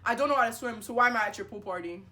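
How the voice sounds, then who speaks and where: A young woman spins a casual storytime for her viewers, heavy with fillers. She keeps jumping into little acted-out exchanges and talks with lively energy. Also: on the high side, racing. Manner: animated, filler-heavy, acts out dialogue. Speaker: vlogger.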